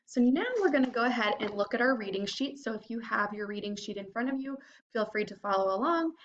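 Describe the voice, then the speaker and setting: Woman teacher slowly sounding out phonics. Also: fairly high pitch, muffled recording. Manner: slow, clear sounding out of word parts. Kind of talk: phonics lesson for young children. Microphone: computer microphone.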